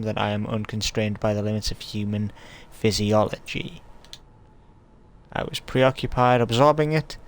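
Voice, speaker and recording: A man's voice: lowish voice, fairly bright tone, slight background noise. A man reading aloud the lines of a cold, calculating woman simulacrum, without putting on a voice. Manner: reads the lines plainly, without a put-on voice. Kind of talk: live-streamed story reading.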